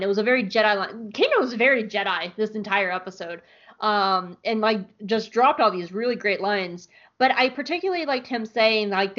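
A woman co-host talks through an episode in a relaxed, eager way, her speech dotted with "like." Her voice sits at a middle pitch. The recording sounds a little dull and lo-fi. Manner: enthusiastic, lots of "like" fillers. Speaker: podcast co-host. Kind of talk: casual chat recapping an episode.

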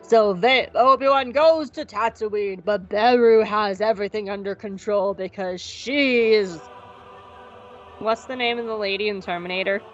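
Brief: woman co-host, rambling jokey recap, mid pitch, slightly muffled lo-fi sound with faint music behind. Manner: rambling and jokey, with quick asides. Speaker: podcast co-host. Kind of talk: casual recap chat.

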